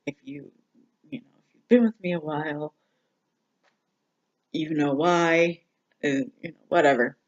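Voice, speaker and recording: Subdued, halting vlogger with dull lo-fi sound. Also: medium pitch, fairly even intonation. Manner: halting and subdued, with many pauses and fillers. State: struggling emotionally, near tears. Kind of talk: casual personal video update.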